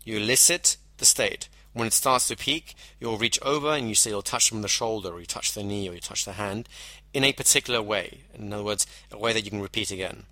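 Bright-toned man teaching hypnosis. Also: lowish voice, dry recording. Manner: measured, explanatory, with slowed emphasis on key phrases. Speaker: hypnosis instructor. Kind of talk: teaching lecture.

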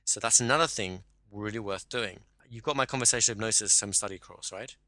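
A man's voice: on the low side, fairly quick, pushed and bright. A man coaching a caller one-to-one, explaining exercises step by step and often checking in with "right?".

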